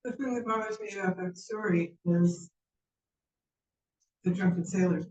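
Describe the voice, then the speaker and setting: A man's voice: high voice, normal speed, darkish tone. A man in a class, asking the teacher a hesitant question. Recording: echoey, dull, from across a room.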